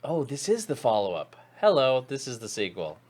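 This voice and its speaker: A man's voice: mid-range voice, huge pitch swings, normal speed, a little mellow, a little hiss or hum. A middle-aged man co-hosting a live stream, chatting casually about old movies in a rambling, chuckling way. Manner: rambling, chuckling, self-correcting. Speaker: podcast co-host.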